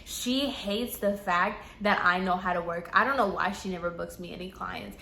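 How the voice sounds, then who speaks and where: A woman mimicking a whiny middle-aged female hairstylist who complains constantly, in a lower, quieter grumble than her own voice. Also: normal speed, vocal fry. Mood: grumbling. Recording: echoey room.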